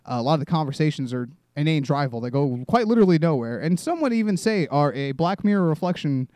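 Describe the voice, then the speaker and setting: A man's voice: a little high, expressive, fast, a little mellow, no room sound. A man in his twenties hosting a solo comedy podcast, rambling and self-deprecating, swearing often and restarting his sentences. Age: 20s. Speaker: podcast host.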